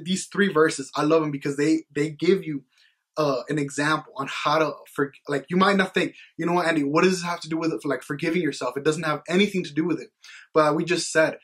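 Husky young man, earnest faith chat. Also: on the high side. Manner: earnest, rambling, heavy on "like" and "you know what". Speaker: youth podcast co-host. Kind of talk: casual faith talk.

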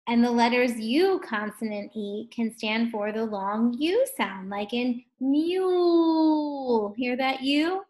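A woman teaching a first grade phonics lesson at a distance, drawing out words slowly and gently asking young children questions. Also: a little high. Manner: slow, drawn-out words sounded out for children.

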